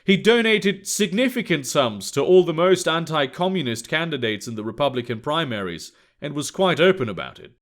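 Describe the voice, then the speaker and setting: Male story narrator, slightly high voice. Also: very animated, normal speed, hardly any pauses.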